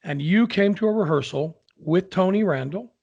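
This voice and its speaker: A man, an opera singer, telling a lively anecdote in casual conversation and acting out the people in it. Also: high voice, moderate pace, vocal fry, breathy edge, lo-fi sound. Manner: animated storyteller, acts out quoted voices.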